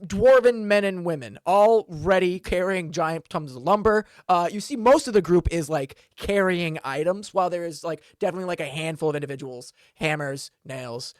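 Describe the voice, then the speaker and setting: A man's voice: fairly high pitch, normal speed, no echo. A man narrating a tabletop game as dungeon master, rambling and full of fillers.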